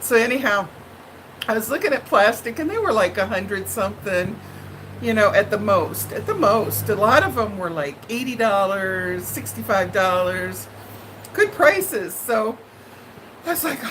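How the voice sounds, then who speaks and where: Slow, animated woman telling a story. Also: a little high, a little hiss or hum, poor audio. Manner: dramatic, animated and laughing often. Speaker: live-stream host. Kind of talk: chatty storytelling to viewers.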